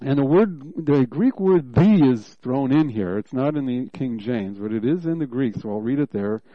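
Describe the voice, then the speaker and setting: A man preaching a sermon, teaching from scripture verse by verse and reading passages aloud, with animated bursts when he voices what God is saying. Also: mid-range voice, moderate pace, no echo, narrow, tinny audio.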